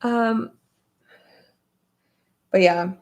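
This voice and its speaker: A woman's voice: medium pitch, drawn-out words, a little mellow. A woman livestreaming as a beauty creator, chatting casually while she does her makeup, rambling with lots of filler words.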